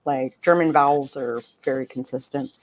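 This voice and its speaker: A woman's voice: a bass voice, fairly even intonation, normal speed, low-quality recording. A woman in a casual chat, talking in a matter-of-fact, explaining way.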